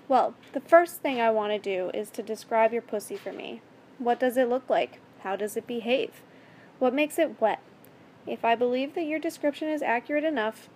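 A woman's voice: fairly high pitch, slight background noise, natural voice. A woman playing a taunting male captor, falsely sweet. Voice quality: sticky-sweet mock kindness. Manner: taunting, calm, controlling. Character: mocking, menacing adult male captor.

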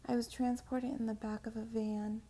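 Whispered role-play, woman voicing a shaken young woman, fast scripted delivery, husky, mellow. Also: a little high, level tone. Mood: shaky. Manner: hurried, shaky, whispered like reading a script. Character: shaken young woman reading a message on video.

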